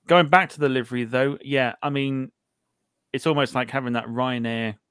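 A man's voice: mid-range voice, steady tone, moderate pace, a bit bright, smooth, no echo. A man hosting a podcast, chatting casually and reading out viewer comments, joking and stumbling over words now and then. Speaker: podcast host.

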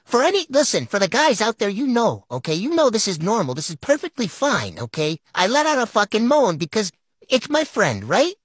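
A man's voice: high-pitched, wildly swooping pitch, fairly quick, breathy edge, dry recording. A man telling a crude storytime in a casual way, swearing constantly and talking straight to the listener.

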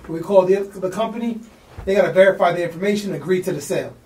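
Fast-talking New man telling a story. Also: high voice, echoey room, distant mic. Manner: excited, slangy, acts out the people in his story. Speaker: podcast guest. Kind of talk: animated storytelling.

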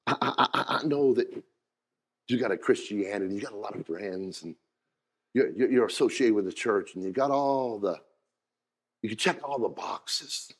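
A male pastor delivers a sermon in a voice with a gravelly, creaky grain. His speech is folksy and plain. He sinks into quiet storytelling and then builds up to shouted preaching. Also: lowish voice, normal speed. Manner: folksy, says "ain't" and "gotta".

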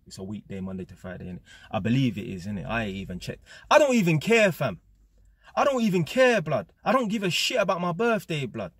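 Blunt young London man, husky voice. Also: on the high side, wildly swooping pitch, a little fast, dry recording. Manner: London slang, blunt and emphatic, repeats "blood" and "fam". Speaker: vlogger. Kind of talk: casual motivational monologue to camera.

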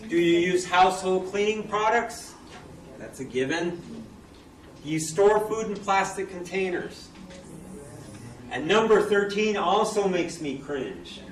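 Man, presenter, higher voice, chatty, quizzes the crowd, echoey hall, distant noisy recording. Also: animated, a little slow, long pauses. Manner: chatty, asks the audience questions. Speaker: product presenter. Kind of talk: live product talk to an audience.

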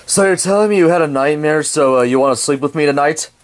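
A man's voice: on the high side, fast talker, close to an everyday voice. A man voicing a gloomy, grumpy dog who grumbles in an amateur toy drama. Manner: glum, grumbling.

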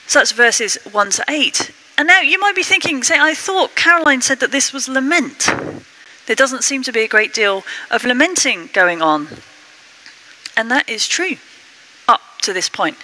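Bright-voiced woman curate preaching. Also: measured pace, poor audio. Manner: expressive, acts out the quotes with rising pitch. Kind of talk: sermon.

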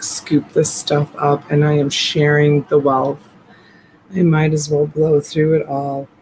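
A woman hosts a late-night live stream from home, talking slowly and easily and greeting her viewers one by one. She keeps her voice hushed, close to a half-whisper. A faint hiss sits under her voice on the desk mic. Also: sits low, poor audio. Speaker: live-stream reseller host. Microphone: USB desk mic.

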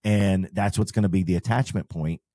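A man's voice: low-pitched, brisk, warm tone, dry recording, clean studio sound. A man, co-hosting a podcast and explaining off-road parts step by step in casual talk. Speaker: podcast host and off-road shop owner. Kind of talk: casual advice chat.

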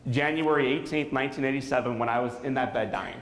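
A motivational speaker in his thirties from the Saint Louis area gives an inspirational keynote in a school auditorium. With a mid-range voice and a fast delivery, he tells a story dramatically and quizzes the audience. The hall makes the recording echo.

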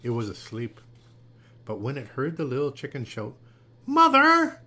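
A man gently and expressively reading a children's picture book aloud. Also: mid-range voice, moderate pace, a little hiss or hum. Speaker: storyteller.

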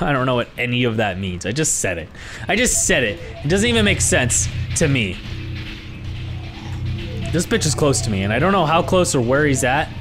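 Excitable young man swearing through a game. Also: fairly high pitch. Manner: excitable, swears a lot, yells when startled. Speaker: gaming YouTuber. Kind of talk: let's-play commentary.

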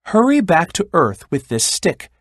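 A man voicing a wise male sun in a children's storybook read-aloud, speaking calmly and in a measured way. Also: high-pitched, no room sound, studio quality, voice pushed up, heavily acted.

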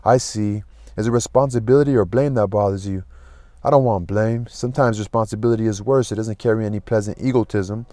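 A man reading aloud, voicing a calm, thoughtful man who talks in a measured, probing way. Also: fairly low pitch, no room sound, clean studio sound, close to an everyday voice.

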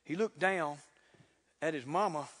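Fervent preacher in a reverberant hall. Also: male voice, fairly high pitch, a little slow. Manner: fervent, builds to loud exclamations; folksy, repeats "look here". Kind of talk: sermon. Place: church sanctuary.

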